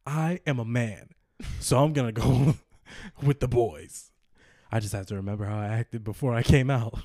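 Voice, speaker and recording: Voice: medium pitch, moderate pace, mellow, no echo, studio quality. A podcast co-host in casual chat, laughing and quoting scenes in mock voices. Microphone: studio mic.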